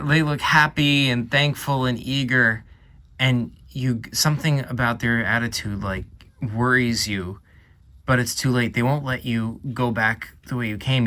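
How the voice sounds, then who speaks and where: A man with a bright, forceful, medium-pitched voice gives a casual walkthrough of his paper game, rambling and peppering it with "like" and "um." Music plays in the background.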